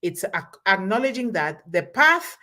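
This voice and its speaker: A woman's voice: medium pitch, very animated, unhurried, bright, forceful tone. Woman host, motivational speaker, emphatic and repetitive, exhorting like a preacher. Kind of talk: motivational talk.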